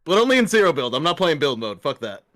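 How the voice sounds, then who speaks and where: A man's voice: on the high side, very animated, fast talker, fairly bright tone, dry recording. A man chatting casually as an interview guest, playful and giggly, swearing casually. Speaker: guest, streamer. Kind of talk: casual chat.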